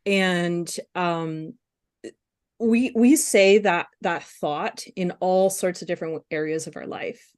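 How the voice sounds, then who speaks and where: A woman speaking candidly as a webinar guest, halting with fillers and restarts. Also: lowish voice, a little mellow. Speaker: guest speaker on compassion fatigue. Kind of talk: casual webinar conversation.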